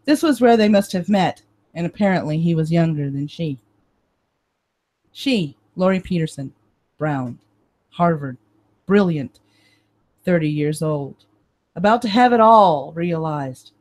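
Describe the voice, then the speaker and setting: A woman hosting a live stream, reading a novel aloud in steady, measured first-person narration. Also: on the low side. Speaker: reader and stream host.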